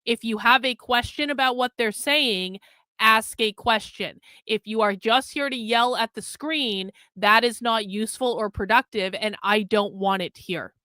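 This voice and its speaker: A woman's voice: on the high side, a little slow, sharp tone, no room sound. Blunt, profane woman scolding her chat. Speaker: livestream host. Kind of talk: livestream commentary scolding chat.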